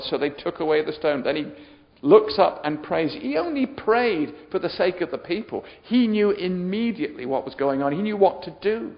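Male preacher, high voice, storytelling building to shouted appeals, lo-fi recording. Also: lively intonation, moderate pace, few pauses. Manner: builds from quiet storytelling to loud shouted exhortation. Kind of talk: sermon.

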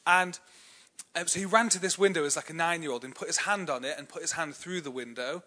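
A man's voice: fairly high pitch, fast, bright, forceful tone. A young English man preaching a sermon in a chatty, self-deprecating way, telling personal stories with many fillers. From England.

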